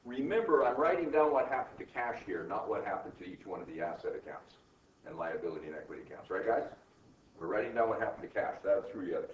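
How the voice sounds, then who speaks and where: A man lecturing an accounting class, brisk and coaching, firing rhetorical questions at his students. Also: deep voice. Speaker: accounting instructor. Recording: echoey classroom, distant mic, dull and lo-fi.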